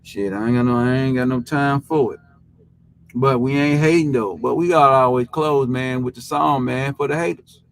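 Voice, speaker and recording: A man hosting a live sports recap stream, speaking at an ordinary mid pitch. He rambles in a loose, heavily profane way, tagging nearly every phrase with casual fillers. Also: moderate pace, low-quality recording.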